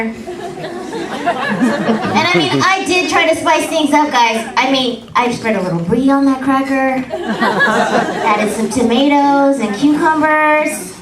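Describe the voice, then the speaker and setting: A woman from the Philippines with a high, squeaky voice, doing a bawdy, playful stand-up set on a comedy club stage. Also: recorded from a distance. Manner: bawdy, playful, crowd-teasing. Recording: echoey club recorded from afar, crowd laughter.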